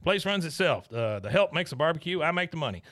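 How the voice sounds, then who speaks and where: Man doing a scheming old boss, raised pitch, lively, dry room. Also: fast, no echo. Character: blustery older Texan male boss, scheming.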